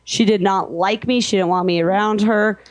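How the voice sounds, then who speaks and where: A woman telling a story in casual chat, blunt and quick to swear. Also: mid-range voice, steady tone, no room sound.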